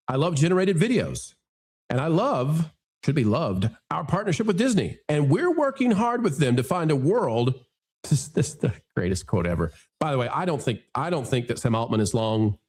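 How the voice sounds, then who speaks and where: A man hosting a casual commentary podcast, reading quotes aloud and reacting to them. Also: medium pitch. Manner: animated, reads quotes aloud. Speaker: podcast host.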